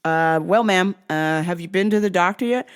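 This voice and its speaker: A woman hosting a vlog, telling stories in an animated, profane and exasperated way. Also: fairly low pitch, moderate pace, clean tone. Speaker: host.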